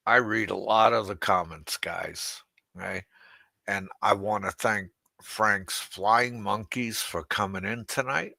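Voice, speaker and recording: A man hosts a livestream in a slow, unhurried drawl, heaping crude mockery on his targets and chuckling at his own jabs. His voice is gravelly and edged with a sharp, tense brightness, recorded close and dry. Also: on the low side, dry recording. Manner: crude, mocking, laughs at his own jokes. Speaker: livestream host. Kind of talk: unscripted livestream rant.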